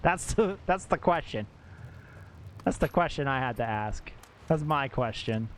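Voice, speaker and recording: Excitable, laughing male game streamer. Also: medium pitch, measured pace, a little hiss or hum. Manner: excitable, laughs often, swears in surprise. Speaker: live-streamer. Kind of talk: casual gameplay commentary to chat. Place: at home.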